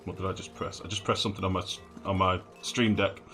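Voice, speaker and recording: A man with a low, deep voice streams a game from home, thinking aloud and swearing casually as he plays. His delivery swings around lively. Clear game music runs under his voice. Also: quick pace. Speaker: gaming streamer. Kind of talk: casual live game commentary.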